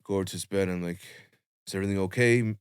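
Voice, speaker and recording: A man's voice: low-pitched, very fast, smooth, no room sound, studio quality. Loose, swearing young man telling a story. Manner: animated, swearing, lots of fillers, acts out quotes. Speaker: podcast guest telling his story. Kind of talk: casual storytelling chat.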